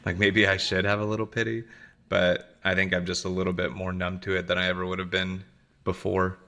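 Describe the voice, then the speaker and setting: A man's voice: sits low, completely flat delivery, moderate pace, long pauses, bright, forceful tone. A man co-hosting a podcast, talking in a laid-back casual way and laughing often. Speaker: podcast co-host. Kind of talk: casual chat.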